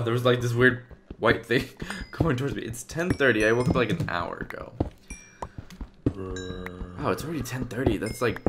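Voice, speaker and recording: A man giving casual let's-play commentary as a gaming YouTuber, chatty and rambling as he plays. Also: medium pitch. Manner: rambling, chatty, many fillers and restarts.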